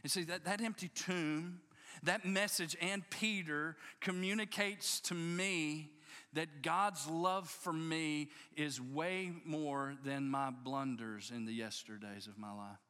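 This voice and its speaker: A man's voice: a little high, takes it slowly, sharp tone, clear, resonant tone. A man preaching a sermon to his congregation, telling the story with passion and emphatic restarts. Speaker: pastor. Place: church service before a congregation.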